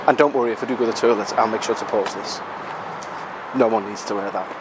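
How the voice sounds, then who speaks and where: This British man is a podcast host chatting as he walks along a city street, self-mocking, a little winded, and now and then swearing. He talks quickly in a lowish voice, and the recording is very noisy.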